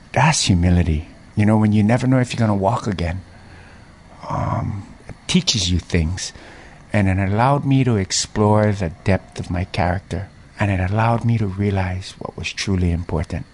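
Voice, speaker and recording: A middle-aged man talks as a guest on a local show. His voice sits on the low side. He tells personal stories in an animated, heartfelt way. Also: breathy edge. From Hawaii. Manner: animated storyteller, voices others' reactions, frequent laughs. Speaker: interview guest, former mayor. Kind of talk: heartfelt conversational storytelling.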